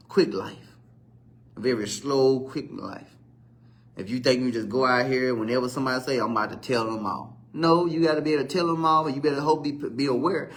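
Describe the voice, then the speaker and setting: Profane thirties male host, rambling storyteller, mid-range voice. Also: mid-range voice. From Virginia, USA. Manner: rambling storytelling with profanity and animated quoted outbursts. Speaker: talk show host. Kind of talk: casual live-stream monologue.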